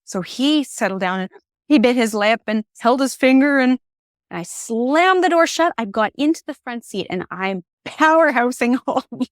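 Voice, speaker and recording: A middle-aged woman, a podcast guest, telling personal stories in an animated, candid conversational way. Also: fairly high pitch, moderate pace, no echo, studio quality. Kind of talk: conversational storytelling.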